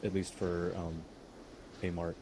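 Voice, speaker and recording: Give me a low-voiced man slowly suggesting a plan in game chat. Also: level tone, noisy background. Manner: thoughtful suggestions.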